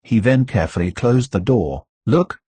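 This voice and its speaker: A man reads a classic novel aloud in a steady, measured way. His voice is low and husky. The recording is close and dry, with no room sound. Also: dry recording. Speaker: audiobook narrator. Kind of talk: scripted narration of a classic novel.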